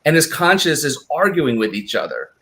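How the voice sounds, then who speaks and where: Speaking at a moderate pace in a slightly high voice, a man who wrote the film shares stories during a relaxed live panel discussion. He's animated and voices the quoted lines as he acts them out.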